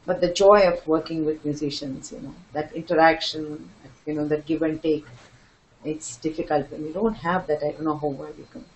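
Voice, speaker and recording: Older woman guest, expressive raconteur who mimics people. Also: sits low, normal speed, muffled recording, slight background noise. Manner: animated, laughing, acts out quoted voices. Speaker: dance teacher and guest. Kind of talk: storytelling interview answers.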